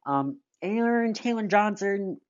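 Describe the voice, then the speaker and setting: A woman's voice: medium pitch, animated, slow pace, muffled recording. A woman giving a casual movie review, blunt and rambling, sighing and groping for names.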